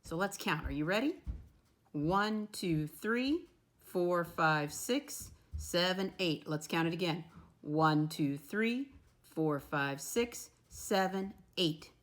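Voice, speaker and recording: A woman teaching young children from her home, speaking slowly in a patient sing-song that coaxes them along. Her voice is a little off the mic in an echoey room. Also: on the low side, lively intonation, distant mic. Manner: slow, sing-song, encouraging, addresses kids as "my friends". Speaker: first grade teacher. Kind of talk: remote lesson for young children.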